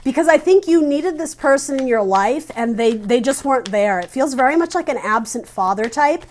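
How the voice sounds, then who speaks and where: A woman's voice: high-pitched, expressive, normal speed, darkish tone. A woman giving a casual spoken tarot reading. She speaks earnestly and straight to the viewer, thinking aloud and searching for her words. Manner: earnest, addresses the viewer directly. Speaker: tarot reader.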